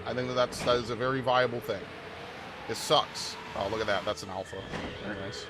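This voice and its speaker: A man's voice: mid-range voice, fairly even intonation, brisk, background noise. A man in his forties from New York, a gaming channel host giving a blunt, profane, restart-filled rant during casual gameplay. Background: game music.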